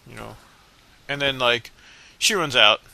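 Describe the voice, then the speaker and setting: A man's voice: mid-range voice, a little slow, vocal fry, pushed and bright. A man casually commentating a video game playthrough, rambling and mumbling with lots of fillers and irreverent jokes. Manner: joking, irreverent. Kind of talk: casual let's play commentary.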